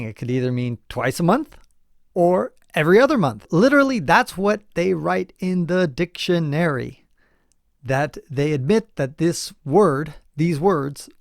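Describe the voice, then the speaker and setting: A man's voice: on the high side, no room sound, studio quality. A middle-aged man hosting a podcast, explaining points in a casual, emphatic way, asking listeners questions and chuckling now and then. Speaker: podcast host.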